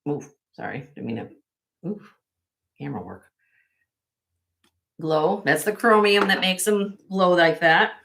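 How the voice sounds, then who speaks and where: Bright chatty woman hosting a jewelry sale. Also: on the low side, animated, measured pace, creaky, long pauses. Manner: chatty, self-correcting, laughs often. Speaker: live jewelry sale host. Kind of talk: casual live-stream selling.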